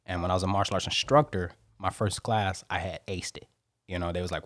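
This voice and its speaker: A man, a Marine, telling stories as a guest on a podcast interview in an animated way. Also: low-pitched, no echo, studio quality. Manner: animated, rapid storytelling.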